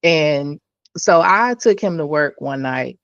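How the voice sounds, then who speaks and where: A woman's voice: sits low, lively intonation, slow, no room sound, dull audio. A woman hosting a podcast, telling a personal story in a candid, conversational way with restarts and asides to her listeners. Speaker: podcast host.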